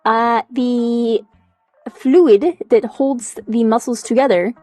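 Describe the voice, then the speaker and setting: A young woman streaming from home in casual chat, animated, swearing a lot and laughing often as she reacts to chat. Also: fairly high pitch, slow, no echo, soft background music. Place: home room.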